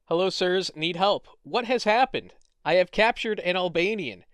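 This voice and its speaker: A man's voice: high voice, normal speed, fairly bright tone, clean tone, dry recording, clean studio sound, pitched above the performer's own voice. A man voicing a frantic male caller who begs the police for help. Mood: pleading.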